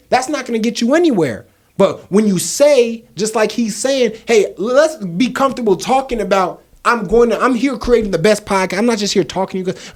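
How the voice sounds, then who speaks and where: A man's voice: fairly high pitch, darkish tone. Upbeat motivational podcast host, man. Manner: motivational, repeats phrases for emphasis. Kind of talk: solo podcast monologue.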